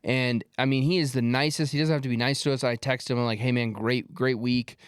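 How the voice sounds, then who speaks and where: A man's voice: mid-range voice, fast, smooth, dry recording, clean studio sound. A young man co-hosting a casual podcast, telling stories with bursts of laughter. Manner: animated storyteller, laughs mid-story. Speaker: podcast co-host. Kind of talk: casual chat.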